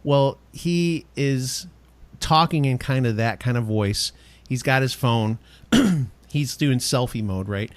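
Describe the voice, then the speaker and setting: A male podcast host chatting casually in a mid-pitched voice, animated when he tells a story and quick to laugh. The recording is dry and close. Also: no echo. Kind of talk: casual chat.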